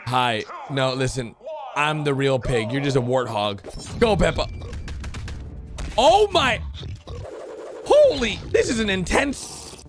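A man giving excited reaction commentary to animated clips, blurting out reactions and cheering the characters on. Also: mid-range voice, a little slow, noisy background. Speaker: reaction video host. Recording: animation audio and music playing behind.

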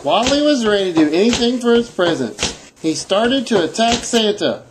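Animated woman reading a story aloud. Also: on the high side, normal speed, shouting, background noise.

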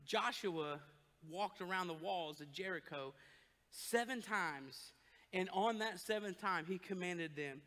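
A male pastor preaches with a very high, bright voice and a joking, animated delivery. The sound carries a long reverb from a church sanctuary. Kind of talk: sermon.

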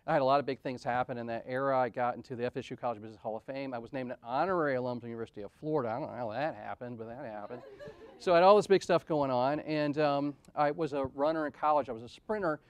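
A man's voice: mid-range voice, very fast, clear, resonant tone, lo-fi sound. A man in his forties giving a candid conference talk, telling personal stories in a self-deprecating, conversational way with frequent "right?" asides. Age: 40s. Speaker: conference speaker. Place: event venue.

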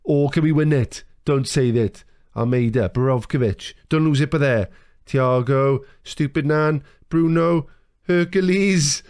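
A young man giving excited live commentary over a football management game, swearing and shouting at his players as the match unfolds. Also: fairly high pitch, unhurried, clear, resonant tone, no room sound, clean studio sound. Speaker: gaming YouTuber.

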